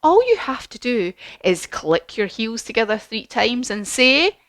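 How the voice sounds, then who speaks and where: A woman voicing a kind good witch in a slow, soothing, reassuring way for a children's story. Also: on the high side, sing-song, a bit bright, dry recording, clean studio sound.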